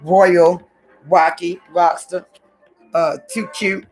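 A woman's voice: on the low side, flat delivery, slow, a little mellow, faint music behind. A woman chatting casually to her viewers from home on a hot day. She rambles from one thing to the next and keeps calling the audience y'all. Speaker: vlogger.

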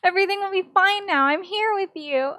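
A woman voicing a bossy little girl who dotes on her doll, in a sweet, fussing, higher voice. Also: fairly quick, sharp tone. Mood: doting.

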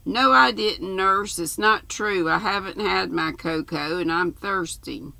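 An older woman reading aloud, voicing a fretful little old woman who calls out in a loud, shrill voice. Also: unhurried, gravelly, no echo. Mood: demanding. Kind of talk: storybook reading.

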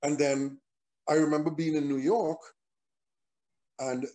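Mellow-voiced man telling a story. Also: on the high side, little pitch movement, measured pace. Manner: reflective, often restarts phrases. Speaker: songwriter and performer, interview guest. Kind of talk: relaxed storytelling in conversation.

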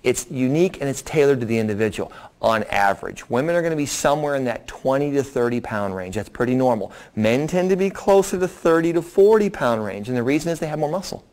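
A man's voice: mid-range voice, fast, few pauses. Folksy man explaining at a seminar. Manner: lively, folksy explanations with acted-out quotes. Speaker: doctor presenting a weight loss program. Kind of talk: seminar talk answering audience questions.

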